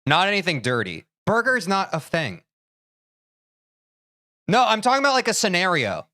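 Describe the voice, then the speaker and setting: A man's voice: high-pitched, huge pitch swings, moderate pace, pushed and bright. A young man streaming live who chats casually with his viewers and counts aloud while he plays. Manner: chatty, counting aloud, talks to chat.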